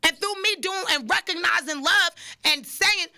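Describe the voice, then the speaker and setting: A young woman hosting a podcast, preaching in a casual, animated monologue and repeating lines for emphasis. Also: very high-pitched, normal speed, vocal fry. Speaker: podcast host.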